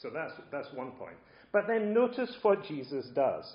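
A man preaching a sermon, moving between quiet asides and loud, emphatic points. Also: on the high side, wildly swooping pitch, moderate pace. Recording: roomy, slightly dull sound.

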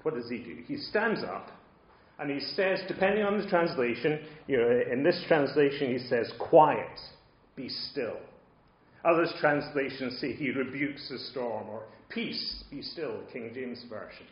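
A man preaching a sermon, moving between quiet asides and loud, emphatic points. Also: mid-range voice, lively intonation, normal speed. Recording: roomy, slightly dull sound.

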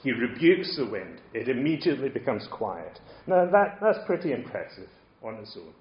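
Man preaching, mid-pitched, dynamic from soft to loud, echoey room sound. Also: big pitch swings, moderate pace. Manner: dynamic, swings from quiet asides to loud emphasis. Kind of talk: sermon. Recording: roomy, slightly dull sound.

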